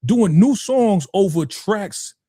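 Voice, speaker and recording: A man's voice: high-pitched, animated, slow pace, warm tone, husky, dry recording, clean studio sound. A man from New York co-hosting a podcast in casual chat, telling stories conversationally and often adding "you know what I'm saying". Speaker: podcast co-host.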